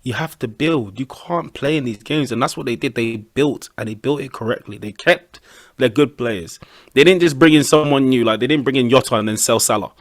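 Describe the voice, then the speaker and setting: A young man, chatting casually as a podcast co-host, animated and full of slang. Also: mid-range voice, a little fast. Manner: animated, slangy banter with laughs. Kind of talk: casual chat.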